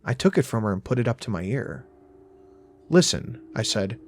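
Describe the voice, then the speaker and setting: A man's voice: on the low side, fast, soft background music. A man narrating a first-person horror story in a casual, profane, wry voice.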